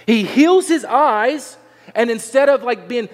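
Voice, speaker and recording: A male pastor preaching a sermon, lively and playful, acting out the scene in little voices and asking the room questions. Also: very high voice, a little slow, long reverb tail.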